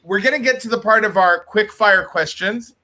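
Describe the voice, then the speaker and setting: A man's voice: high-pitched, moderate pace, sharp tone, soft background music. A man hosting an interview over a video call, chatting in a playful, upbeat way. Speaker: host. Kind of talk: casual interview chat.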